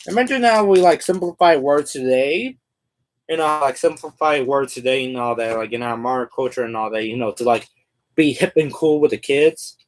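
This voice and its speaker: Man, casual streamer, mid-pitched, rambling filler-heavy chatter while tinkering. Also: normal speed. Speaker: streamer assembling a toy figure. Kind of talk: casual live-stream chat.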